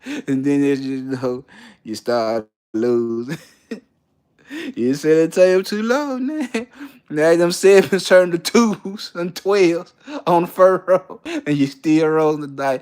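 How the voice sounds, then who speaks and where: A man's voice: on the high side, slow pace, darkish tone, smooth. A man hosting a casual monologue, talking with lots of profanity and animation and often breaking into laughter mid-sentence. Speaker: host.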